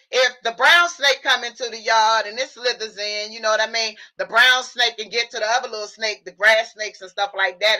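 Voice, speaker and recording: Woman livestream host, bright voice, preachy and insistent, spins long analogies and checks the audience is with her. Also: fairly high pitch. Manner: preachy, builds long animal analogies, keeps asking listeners if they follow. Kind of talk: impassioned livestream monologue.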